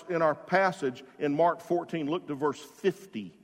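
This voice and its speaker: A man's voice: a little high, normal speed. Male pastor preaching in a reverberant hall. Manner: dramatic swings between loud emphasis and hushed softness; repeats and restarts words for emphasis. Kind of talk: sermon. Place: church sanctuary. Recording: long reverb of a large hall.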